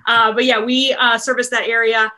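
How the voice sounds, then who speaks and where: A Maryland woman in her thirties chats casually in an interview about leading a real estate team, upbeat and laughing often, with plenty of fillers. Her voice sits on the high side, with a level, sharp tone at a normal speed.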